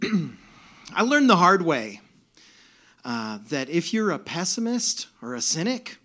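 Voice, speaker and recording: A man's voice: on the high side, sing-song, slow, sharp tone. Sardonic man telling a story on stage. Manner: sardonic, building to bursts of mock outrage. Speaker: storyteller performer. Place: stage before a laughing audience.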